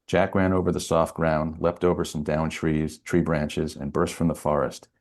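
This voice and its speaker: A man, a novelist, reading a passage from his own thriller aloud in a steady, measured way. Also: very deep voice.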